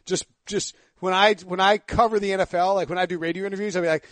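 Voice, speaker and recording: A man with an Eastern North Carolina accent hosting a casual sports podcast, rambling and self-deprecating with quick asides. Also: sits high, steady tone, fairly bright tone, no echo. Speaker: podcast host.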